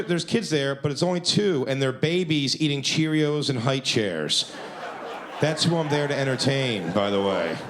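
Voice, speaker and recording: A man's voice: mid-range voice, fairly bright tone, slight background noise. A man doing stand-up, telling a story in a profane, self-deprecating way. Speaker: stand-up comedian.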